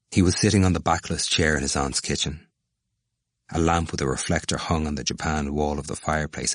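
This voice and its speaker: A man with a very deep voice reads a novel aloud at a measured, even pace. The sound is dry and close, with no room around it. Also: no echo. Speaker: narrator. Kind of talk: audiobook narration of a novel.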